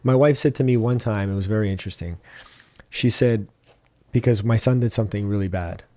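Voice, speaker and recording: A man co-hosting a casual podcast chat, giving calm advice and repeating his points for emphasis. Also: on the low side, fairly quick, no room sound. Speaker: podcast co-host, doctor.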